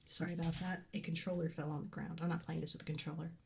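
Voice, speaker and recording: A soft-spoken woman streaming a game from a room at home, often dropping to a whisper as she reads game text, a little congested from a cold, on a condenser desk mic. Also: deep voice, flat delivery, quick pace, creaky, slight background noise. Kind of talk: let's play commentary and reading game text.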